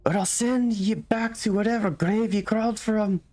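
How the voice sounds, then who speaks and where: A furious, haunted commoner bellows threats in a rough old-world dialect, as a man puts him on. His voice leaps up high and strained when he shouts, and the dry sound is close to the mic. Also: steady tone, normal speed, dry recording, close to an everyday voice. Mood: enraged.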